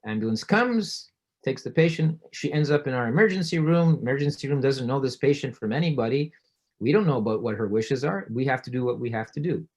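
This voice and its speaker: A man's voice: animated, a little fast, darkish tone. Middle-aged male physician, storytelling lecturer who slips into quoted voices. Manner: storytelling, acts out quoted voices with rising pitch. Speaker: physician giving a public talk. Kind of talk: conversational presentation.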